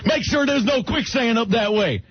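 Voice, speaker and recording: A man doing an impression of a crude, drawling Old West railroad boss with a loud delivery. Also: very high voice, animated, moderate pace, lo-fi sound, over music, pitched above the performer's own voice. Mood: gruff bossing.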